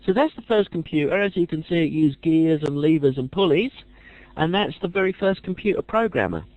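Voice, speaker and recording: Chatty man teaching a class, animated delivery, dry humour, muffled close dry recording. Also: a little high, brisk, no room sound. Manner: chatty with dry jokey asides. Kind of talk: casual lecture.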